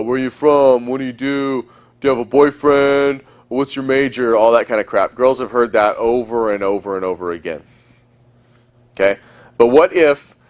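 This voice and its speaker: A man teaching a recorded lesson as a dating coach. He talks in a quick, chatty way and often acts out example lines. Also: medium pitch.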